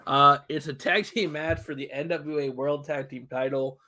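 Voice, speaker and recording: Male podcast co-host, slightly high voice, hesitant recaps. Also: fairly even intonation, normal speed, sharp tone. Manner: recaps matches with many "um"s, amused disbelief. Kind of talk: casual match recap.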